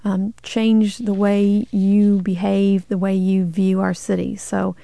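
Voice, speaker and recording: A woman's voice: medium pitch, flat delivery, slow pace, gravelly, dark tone, no room sound, clean studio sound. A woman guest on a radio show, a nonprofit director speaking earnestly with some hesitant fillers. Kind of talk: radio interview.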